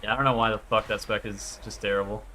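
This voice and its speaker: A man's voice: fairly low pitch, fairly even intonation, quick pace, sharp tone, slight background noise. A man streaming live, chatting casually in a profane, rambling way.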